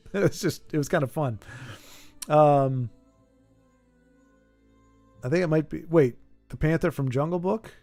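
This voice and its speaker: A man's voice: on the high side, a little slow, pauses often, mellow, soft background music. A man streaming a card game playtest, chatting in a playful, rambling way and laughing easily. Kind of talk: casual chat while playtesting a card game.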